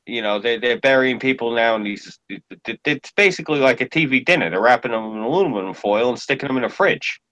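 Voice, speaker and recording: A man's voice: medium pitch, lively intonation, fast talker, hardly any pauses, bright, forceful tone, no room sound, dull audio. A man in casual podcast chat, telling stories in a blunt, profane way.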